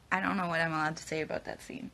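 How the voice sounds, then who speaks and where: A young woman answers fan questions in a casual live Q&A, recorded on a phone held at arm's length. Her voice is deep, with vocal fry and a sharp tone, and she rambles hesitantly, stumbling over her words.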